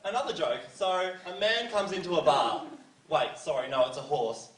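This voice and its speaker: On a school comedy stage, a teenage boy with a fairly high voice delivers a self-deprecating, rambling stand-up routine at a moderate pace, heavy with fillers. The mic sits far away in an echoey hall, and the noisy background carries the live audience's laughter.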